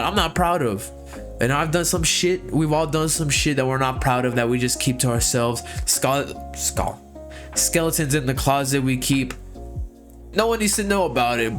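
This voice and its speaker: A young man telling a story in a casual vlog, profane, excitable and rambling. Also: mid-range voice. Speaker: vlogger.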